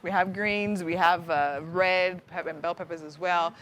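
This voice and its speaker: A woman's voice: fairly low pitch, fairly even intonation, a little slow, fairly bright tone. A Nigerian woman hosting a live TV cooking segment, bubbly and full of enthusiastic praise. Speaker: TV morning show host.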